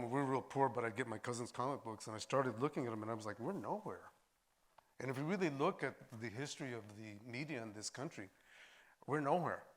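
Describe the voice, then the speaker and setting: An older actor and filmmaker, a man, telling stories in a lively way at a post-screening discussion, acting out voices as he goes. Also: medium pitch. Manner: animated storyteller, acts out voices. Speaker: actor and filmmaker, interview guest.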